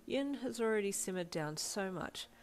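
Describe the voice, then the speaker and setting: A woman's voice: medium pitch, lively intonation, normal speed, pitched above the performer's own voice, close to an everyday voice, poor audio. A woman reading as a wry, restrained principal. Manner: restrained, matter-of-fact and wry. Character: dry, wry middle-aged woman school principal. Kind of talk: reading a fan fiction aloud. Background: faint backing music.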